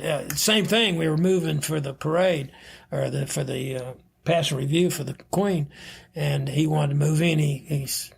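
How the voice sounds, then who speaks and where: A man's voice: on the high side, vocal fry, breathy edge. An older American man, a retired naval officer, telling anecdotes in a podcast interview, often chuckling and acting out the dialogue. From United States. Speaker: retired vice admiral, interview guest.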